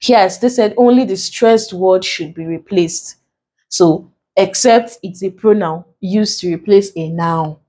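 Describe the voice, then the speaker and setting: A woman's voice: medium pitch, measured pace, dark tone. A woman teaching an exam prep lesson, going through the steps one at a time and repeating the key points. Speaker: exam tutor.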